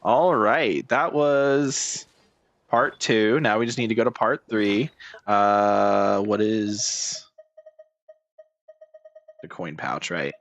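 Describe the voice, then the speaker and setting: Throat-clearing man, casual game commentary. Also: on the low side, very slow, pauses often, a bit bright, no echo, soft background music. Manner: frequent throat clearing, joking, profane. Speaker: gaming streamer.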